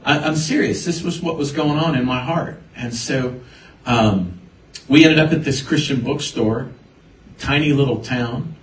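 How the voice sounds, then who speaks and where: A man's voice: medium pitch, a little slow, recorded from a distance, slight background noise. A man preaching a sermon, telling his own story and quoting the people in it. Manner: storytelling, animated quoting of others. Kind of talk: sermon with personal testimony. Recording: roomy echo, voice from afar.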